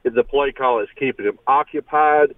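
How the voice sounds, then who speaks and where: A man's voice: medium pitch, normal speed, no room sound. Male caller, sarcastic, joking, tinny phone-line sound. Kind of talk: sports radio call-in.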